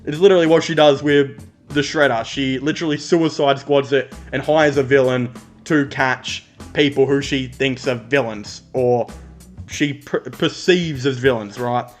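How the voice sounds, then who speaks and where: An Australian man talks through a film in a loose, rambling video review at an everyday middle pitch. He is blunt and swears freely. Soft music plays faintly behind him. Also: steady tone, a little slow. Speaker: movie reviewer.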